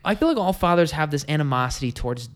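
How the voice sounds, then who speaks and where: A man's voice: a little high, fast talker. A man who is a podcast guest, chatting casually and acting out the voices of his family as he tells stories. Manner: animated storyteller who acts out family voices.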